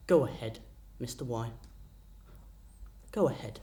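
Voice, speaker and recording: A man performing a quiet, taunting, gloating acted monologue. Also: medium pitch, lively intonation, measured pace. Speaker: acting student.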